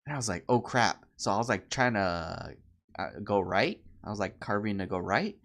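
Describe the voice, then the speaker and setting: A man chats on a casual podcast, and his pitch rises and falls a lot as he tells stories. He acts out the people he quotes in high voices. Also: expressive, normal speed, a bit bright. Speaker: podcast co-host. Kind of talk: casual chat.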